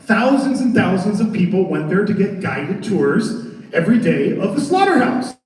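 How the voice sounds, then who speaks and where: A man presenting on a convention panel as a haunted attraction designer, telling his story in an animated, joking way. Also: sits high, moderate pace. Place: large convention center hall. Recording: echoey convention hall from far off.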